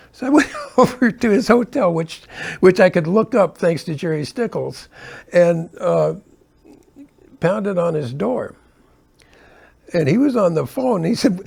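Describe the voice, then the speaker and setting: An older man, a keyboardist, telling animated stories from his touring days in a casual way. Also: gravelly, slightly rough. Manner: animated, acts out quotes with rising pitch. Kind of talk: casual storytelling.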